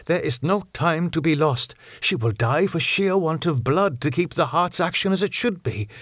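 A man's voice: fairly high pitch, animated, fairly bright tone, no room sound, clean studio sound, pitched above the performer's own voice. A man doing a grave old professor. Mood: urgent. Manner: earnest, urgent, slow emphatic phrasing. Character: elderly Dutch professor, grave, kindly. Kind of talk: audiobook character voice.

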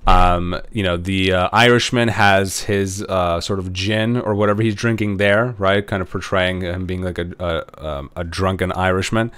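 A man's voice: deep voice, fairly even intonation, normal speed, few pauses, a bit bright, clear, resonant tone. A man giving a history lecture in a loose, conversational way, full of "um" and "right?" tag questions. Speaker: history professor. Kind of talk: recorded lecture.

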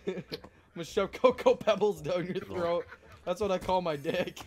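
A man's voice: high-pitched, measured pace, a little hiss or hum. A man hosting a gaming video, joking crudely and swearing a lot in casual banter while playing. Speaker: gamer and channel host. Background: loud music and game gunfire.

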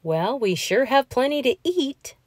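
A woman voicing a cheerful, practical turtle mother in a storybook read-aloud, with a brisk motherly tone. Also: high-pitched, big pitch swings, no room sound, clean studio sound, pitched above the performer's own voice, exaggerated voice.

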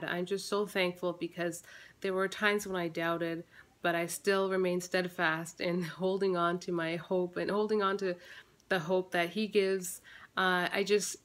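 Speaking in a lowish, fairly bright voice, a thirtysomething family vlogger rambles through a casual personal update. Her talk is full of fillers and restarts, and she's a bit breathless.

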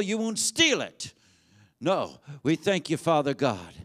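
A man's voice: fairly high pitch, wildly swooping pitch, slow, fairly bright tone. A man pastor preaching a sermon and leading a prayer, with rising intensity and fervent repetition. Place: church sanctuary.

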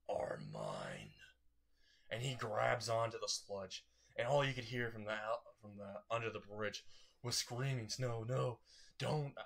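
A man's voice: fairly low pitch, fairly bright tone. A man casually narrating a fan story, rambling and correcting himself as he goes.

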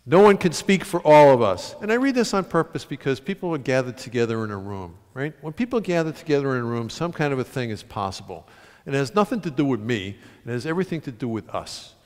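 A man from the United States, an author telling stories and reading aloud to an audience, animated, with sudden loud bursts. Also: medium pitch, quick pace. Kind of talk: storytelling talk and reading to an audience. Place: large concert hall with an audience. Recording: long hall reverb.

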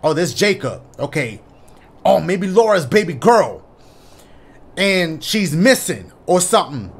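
A man giving excitable, profane let's-play commentary on a horror game and talking to his viewers. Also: high voice, unhurried, slightly rough. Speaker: gaming YouTuber.

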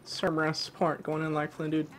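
A young man giving excitable live commentary on a video game, yelping and swapping swears for "fudge". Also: fairly high pitch, a little fast, slight background noise. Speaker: gaming channel host.

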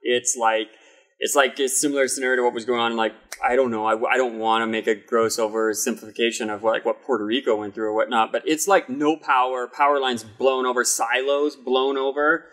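A man with a Midwestern American accent talks casually as a podcast co-host. His voice sits in an ordinary middle pitch. He jokes and spins stories in an animated, loose way. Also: fairly quick. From Iowa, US Midwest. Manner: joking, animated storyteller. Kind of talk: casual chat.

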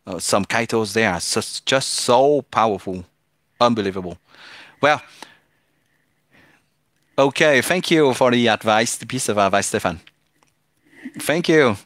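A man's voice: lowish voice, fairly bright tone, no echo, studio quality. A man chatting casually with viewers during a live game stream, hesitant and full of restarts. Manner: hesitant, restarts often, switches between French and English.

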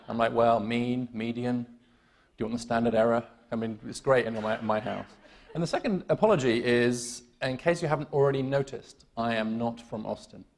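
A man's voice: medium pitch, vocal fry. A man with a British accent, originally from the UK, giving a conference keynote with wry, self-deprecating humor, lots of "um" and restarts. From United Kingdom. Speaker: keynote speaker. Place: conference hall.

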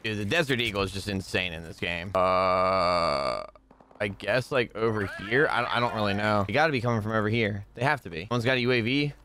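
A young man commentating his own gameplay to viewers, chatting casually and bursting into loud yells when things go wrong. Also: on the low side, fairly quick, a little hiss or hum. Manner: talks to viewers, bursts into yelling rage at deaths. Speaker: gaming streamer. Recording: faint gunfire behind.

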